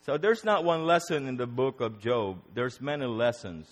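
A man preaching a sermon in an animated way, acting out prayers and quotes, often repeating words and restarting phrases. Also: moderate pace, hardly any pauses, long reverb tail. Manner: animated, acts out prayers and quotes with rising pitch.

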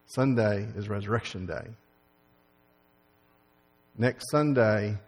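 A man's voice: fairly low pitch, normal speed. A man leading a congregation as pastor, giving folksy church announcements and opening remarks. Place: church sanctuary. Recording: long hall reverb.

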